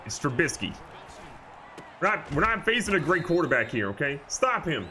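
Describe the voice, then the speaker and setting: Man, gameplay commentary, lively pitch, bright tone, excitable and jokey. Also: normal speed, a little hiss or hum. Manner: excitable, jokey, swings from calm analysis to loud outbursts. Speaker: gaming YouTuber.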